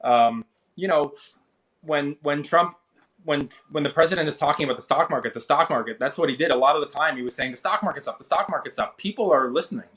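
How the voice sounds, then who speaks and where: Chatty man in his thirties telling a story. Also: a little fast. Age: 30s. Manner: animated, acts out quoted people with rising pitch. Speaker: interview guest, finance creator. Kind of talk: casual storytelling.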